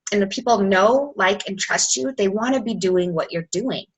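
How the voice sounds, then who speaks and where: A woman in her thirties giving casual coaching talk on a team call, chatty and quick, full of "like" and acted-out quoted messages. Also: medium pitch, poor audio. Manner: fast, chatty, lots of "like", acts out quoted messages.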